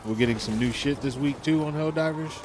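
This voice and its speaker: A man's voice: fairly high pitch, brisk, noisy background. A young man streaming a shooter game, chatting casually, joking, cursing and laughing a lot as he plays. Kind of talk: casual live-stream commentary.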